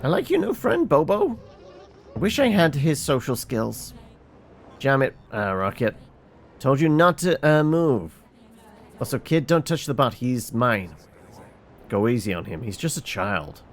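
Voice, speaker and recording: Lively man reading game dialogue aloud. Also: mid-range voice, a little slow, pauses often, slight background noise. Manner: reads all characters, stumbling with fillers.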